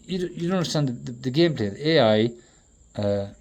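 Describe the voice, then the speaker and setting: A man in a profane, rambling monologue that swings between loud outbursts and low muttering. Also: animated, fast talker. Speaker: traveling performer.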